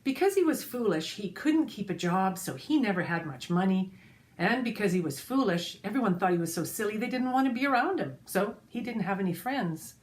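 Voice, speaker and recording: A woman storyteller telling a folk tale to children, expressive and speaking straight to her listeners. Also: mid-range voice, brisk. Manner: expressive, addresses listeners directly.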